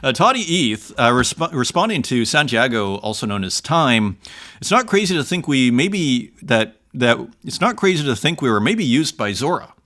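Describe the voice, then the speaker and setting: A man with a bright, forward voice hosts a casual art commentary show. He chats conversationally with many fillers, then reads passages aloud with slow, dramatic emphasis. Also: mid-range voice, big pitch swings. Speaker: host.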